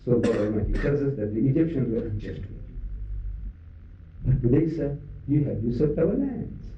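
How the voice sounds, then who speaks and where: An older man with a South African Indian English accent, giving a religious public lecture as animated storytelling, acting out dialogue and firing questions at his audience. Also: medium pitch, normal speed, a little hiss or hum. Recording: dull, echoey hall recording from far off.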